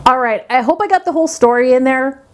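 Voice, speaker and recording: A woman's voice: sits high, quick pace. A woman beauty vlogger chatting casually, animatedly telling a story and acting out the people in it.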